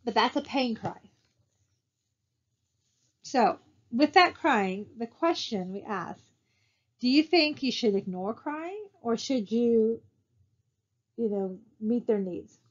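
This college instructor, her voice fairly high with lively intonation, speaks slowly with long pauses as she lectures over slides. In a conversational style she often asks her students rhetorical questions, and the recording is somewhat dull and lo-fi.

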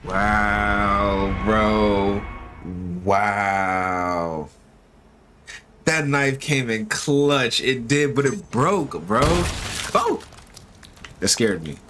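A man giving casual, slangy gameplay commentary, talking to his viewers and swinging from low muttering to loud yelps. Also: animated, drawn-out words, over music. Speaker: gaming commentator.

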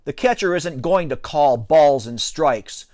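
A bossy young pitcher who taunts and commands, put on by a man reading a children's book aloud. His lines come out loud and sure of themselves. The sound is dry and close, with animated, swinging pitch. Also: measured pace, dry recording. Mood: taunting bossy. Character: cocky bossy boy pitcher, a bully. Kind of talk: storybook reading.

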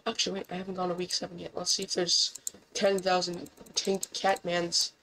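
A woman giving casual gameplay commentary, excitable and incredulous, swearing often and jumping up in pitch when surprised. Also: fairly quick, slight background noise, poor audio.

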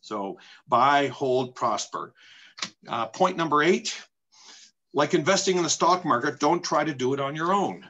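A man's voice: a little high, normal speed, fairly bright tone, muffled recording. A middle-aged man from Canada, a real estate agent presenting a homebuying talk in an opinionated, emphatic way, using rhetorical questions and repetition.

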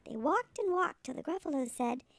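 A woman reads a children's story aloud in a very high, animated voice. Her pitch rises and falls in a lively sing-song. The sound is close and dry. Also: normal speed, creaky, dry recording. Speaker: storybook reader.

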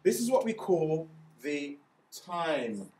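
A man's voice: fairly high pitch, big pitch swings, takes it slowly, mellow. Male music teacher, patient step-by-step explainer, counts beats aloud; recorded a bit off-mic in a roomy space. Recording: echoey room, voice a bit far from mic, faint ambience.

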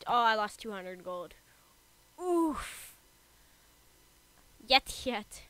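Bright playful woman gamer. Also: medium pitch, measured pace, smooth, no room sound. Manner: playful, reads dialogue aloud. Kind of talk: casual gameplay commentary.

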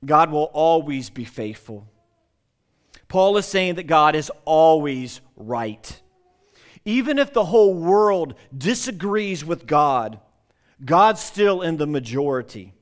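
Male pastor, slightly raised pitch, emphatic sermon delivery with restarts. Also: big pitch swings, takes it slowly. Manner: emphatic preaching with repetitions and restarts.

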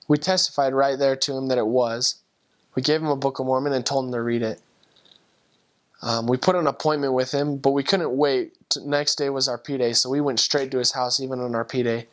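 A young man and returned missionary, telling a personal testimony story in an earnest, emotional way, with halting restarts. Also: mid-range voice, fairly bright tone.

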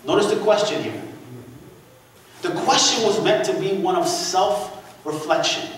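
A high-pitched man preaches a lively sermon, telling the story in an animated way and calling on the congregation to answer him. His voice rings through a big echoey church hall, and the mic sits some way off. A faint room murmur hums underneath. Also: distant mic. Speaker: pastor. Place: church sanctuary.

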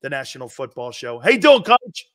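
A man's voice: mid-range voice, very animated, a little fast. A man hosting a sports talk show, chatting enthusiastically with a guest and laughing along.

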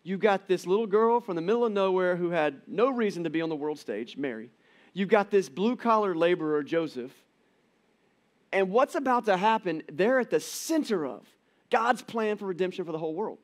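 A middle-aged man giving a conversational church sermon, telling the story with animated quoted voices. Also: high-pitched, normal speed. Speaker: pastor. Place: church auditorium.

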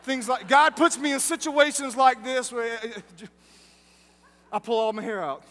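A man preaching a sermon at a live event, telling stories in a lively, joking way. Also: very high voice, measured pace. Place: large event hall. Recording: long hall reverb from live event.

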